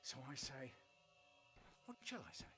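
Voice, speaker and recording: A storyteller reading a first-person children's story and voicing the family members. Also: unhurried. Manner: animated, voices the family. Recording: loud music over the recording.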